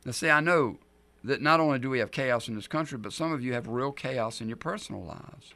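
A middle-aged male pastor preaching a sermon, telling the story in an animated, emphatic way. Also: mid-range voice, fairly quick.

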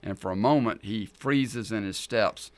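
A man's voice: on the low side, unhurried, no room sound. A middle-aged man, preaching a sermon in a conversational way full of rhetorical questions. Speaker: pastor.

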